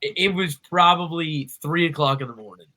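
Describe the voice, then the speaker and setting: A young man, co-hosting a podcast and telling a story in a lively, animated way. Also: fairly high pitch, a little fast, poor audio. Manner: animated storyteller, acts out quoted voices. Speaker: podcast co-host. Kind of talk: casual storytelling chat.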